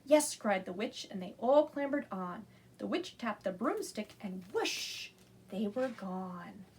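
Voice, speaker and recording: Animated slow-reading librarian woman. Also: mid-range voice, a little hiss or hum. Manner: animated, asks children to join in. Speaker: children's librarian. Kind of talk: reading a picture book aloud.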